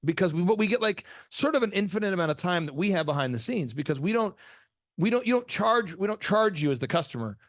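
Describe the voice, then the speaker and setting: Brief: host of a business show, a man with a higher voice that swings widely, emphatic storyteller. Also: fast talker, no echo, clean studio sound. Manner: animated storytelling, emphatic asides. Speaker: podcast host. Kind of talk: business podcast talk.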